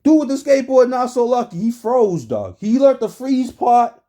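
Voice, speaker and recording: A man's voice: extremely high pitch, moderate pace. A man streaming, giving profane casual commentary full of slang and frequent laughter. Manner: animated, swears constantly, laughs often, slangy. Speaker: streamer reacting to a trial.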